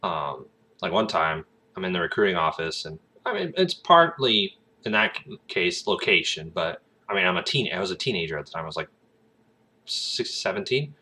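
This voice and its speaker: A man's voice: low voice, very animated, normal speed, bright, forceful tone. A man rambling casually and getting sidetracked as he talks about his acting plans, with lots of fillers. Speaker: aspiring actor vlogger.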